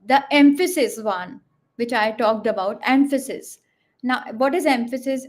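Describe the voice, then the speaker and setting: Woman, high voice, panel guest, explanatory, fillers, demonstrates intonation. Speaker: communication trainer guest.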